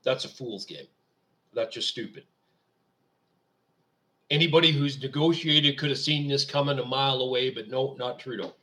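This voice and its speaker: A man's voice: mid-range voice, moderate pace, long pauses, bright, forceful tone. Indignant ranting male show host. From Canada. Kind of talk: political commentary monologue.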